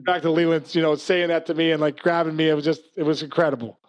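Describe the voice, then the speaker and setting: A middle-aged man, a former ballplayer, telling stories in a casual interview, animated and quick with restarts and acted-out quotes. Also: on the high side. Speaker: former baseball player and hitting coach.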